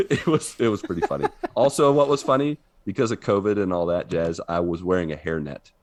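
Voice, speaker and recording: Deep-voiced man telling a story. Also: fairly quick. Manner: animated storyteller, laughs often. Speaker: podcast co-host. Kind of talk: casual chat. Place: living in Brazil.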